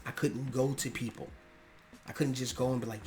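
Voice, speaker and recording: A young man hosting his own podcast, speaking in a personal, earnest monologue that swells into emphatic outbursts, casual and slangy, often clearing his throat. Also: mid-range voice, fairly even intonation, moderate pace, darkish tone. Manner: casual slangy speech with restarts. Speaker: podcast host. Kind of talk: personal monologue on mental health.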